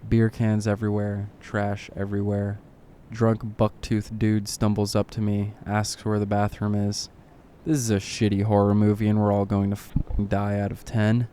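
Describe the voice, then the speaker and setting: A man reading a horror story aloud in short clipped lines, keeping his voice low and subdued. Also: monotone, moderate pace, mellow, slight background noise. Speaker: narrator.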